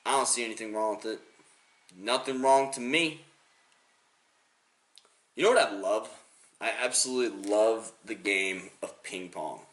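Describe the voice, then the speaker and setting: A man's voice: fairly low pitch, measured pace, pauses often, a bit bright, reverberant. A young man hosting a solo podcast, rambling loosely and jokingly with lots of filler words. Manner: rambling, loose and jokey, heavy use of 'like'. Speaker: podcast host.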